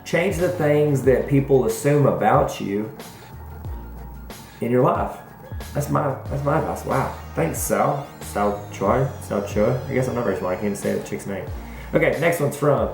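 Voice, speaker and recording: A man's voice: medium pitch, moderate pace, a little mellow. Playful Southern man in echoey room. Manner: playful, self-mocking, rambling. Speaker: school principal answering viewer questions. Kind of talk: casual Q&A vlog. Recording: echoey room with faint music.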